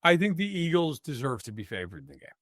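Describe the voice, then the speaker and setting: Guy talking football on a podcast, pushy and opinionated, bit high voice, dry sound. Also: big pitch swings, fast, fairly bright tone, no echo. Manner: emphatic, opinionated, many "like" fillers. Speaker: football analyst guest. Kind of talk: casual podcast chat.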